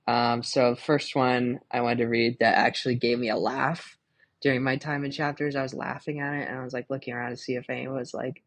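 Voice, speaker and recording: Gravelly, husky young man chatting about scripture. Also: mid-range voice, no echo. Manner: chatty, laughing, full of fillers like "like" and "um". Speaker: podcast host. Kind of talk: casual devotional Bible talk.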